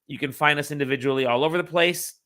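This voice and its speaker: A man's voice: fairly high pitch, fast talker, a bit bright. A man hosting a podcast, chatting casually and cheerfully chiming in as the others talk. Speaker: podcast host. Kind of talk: casual chat.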